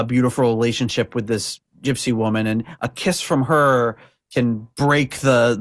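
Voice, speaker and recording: A man's voice: mid-range voice, dry recording, clean studio sound. A man co-hosting a podcast, chatting loosely about song lyrics with many fillers and restarts. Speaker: podcast co-host.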